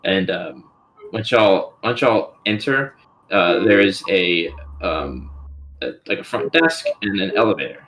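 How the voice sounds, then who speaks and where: Halting man running a game. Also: low-pitched, lively intonation, fairly bright tone, slight background noise. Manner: halting, full of ums and likes. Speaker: dungeon master. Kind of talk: narrating a tabletop game.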